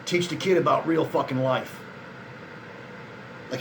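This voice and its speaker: A man's voice: medium pitch, measured pace, creaky, noisy background. A tired man vlogging to his viewers in a rambling, frustrated way, jumping between thoughts and swearing often. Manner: frustrated, disappointed and resigned. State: worn out. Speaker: vlogger addressing male viewers. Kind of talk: casual spoken monologue to camera.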